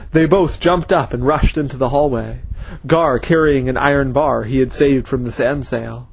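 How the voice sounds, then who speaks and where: A man reading a story aloud as narrator in a steady, measured way. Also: medium pitch, husky, rough recording. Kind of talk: audiobook reading.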